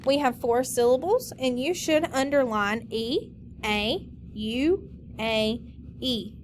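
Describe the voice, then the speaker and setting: A woman teacher leading a recorded phonics lesson, slowly modeling and stretching out each word for students. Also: fairly high pitch, slight background noise. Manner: slow, drawn-out modeling of words.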